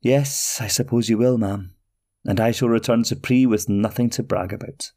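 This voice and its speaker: A man's voice: medium pitch, fairly even intonation, normal speed, dark tone, close to an everyday voice. A humble little traveller, read by a man, polite and a bit sheepish. His speech is old-fashioned and courteous, a modest storybook hero.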